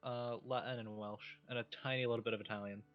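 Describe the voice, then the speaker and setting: A man's voice: mid-range voice, steady tone, quick pace, highs cut off, faint music behind. Man player thinking aloud at the table. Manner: thinks aloud, stumbling restarts. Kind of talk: casual chat during a tabletop game.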